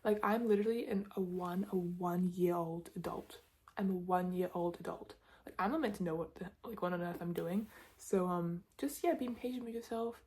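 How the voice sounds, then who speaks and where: A young Australian woman in her twenties, rambling through a whispered ASMR Q&A between soft spoken and whispered words, with lots of "like" fillers. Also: mid-range voice. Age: 20s. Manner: rambling, chatty, many "like" fillers. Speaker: ASMR creator. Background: tapping clicks.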